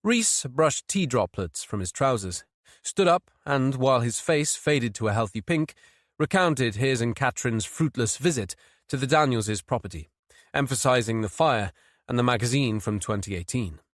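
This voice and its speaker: A man narrating a mystery thriller audiobook in a steady, measured read. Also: medium pitch, no echo, studio quality. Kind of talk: scripted narration.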